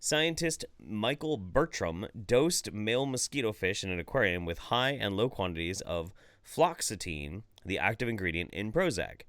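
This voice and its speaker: A man's voice: on the low side, big pitch swings, normal speed, hardly any pauses, a bit bright, no echo, clean studio sound. A man co-hosting a live-streamed podcast, reading news aloud in casual, profane, rambling chat. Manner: profane, laughing, loose and rambling. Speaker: podcast co-host.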